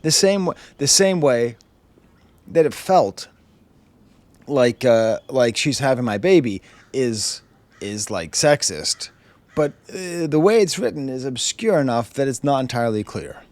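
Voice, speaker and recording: A man's voice: medium pitch, sing-song, a little slow, a little mellow, dry recording. Man, music reviewer, wry, chuckling, casual album review, dry close sound. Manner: wry, chuckling, reads lyrics aloud. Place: home with his dog.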